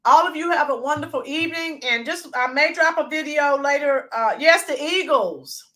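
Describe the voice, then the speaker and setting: Woman, livestream host, casual chat, high pitch, bright tone. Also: normal speed. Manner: chatty, reads out viewer names, bursts into sung snippets.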